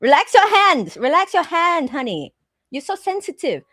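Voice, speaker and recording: A woman's voice: very high-pitched, very animated, moderate pace, a bit bright, voice pushed up, full character voice. A woman imitating an impatient female nail salon technician who scolds in curt, broken English. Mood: scolding.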